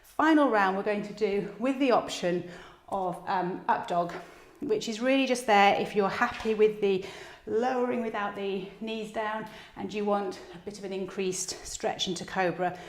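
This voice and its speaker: Woman leading yoga, calm steady breath cues, kinda out of breath, roomy echo. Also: medium pitch, normal speed. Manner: calm, encouraging cueing of breath and movement. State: slightly out of breath. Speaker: yoga instructor. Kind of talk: guided yoga class instruction. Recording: echoey room.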